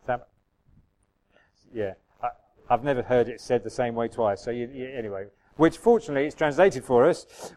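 A man's voice: mid-range voice, brisk, warm tone, low-quality recording. A man preaching a sermon in a conversational way, reading scripture aloud and musing with restarts and asides to the congregation.

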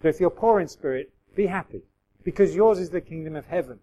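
A middle-aged man gives a relaxed, chatty sermon. His voice sits a little higher than most men's, and he slips into quoted voices with self-deprecating humour. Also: quick pace, poor audio. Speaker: pastor.

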